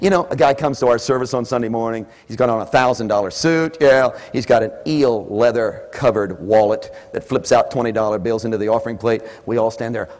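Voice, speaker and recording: A male preacher giving an animated sermon in a church, shouting for emphasis and mimicking congregants. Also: mid-range voice, fairly quick, hardly any pauses. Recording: echoey hall with long reverb.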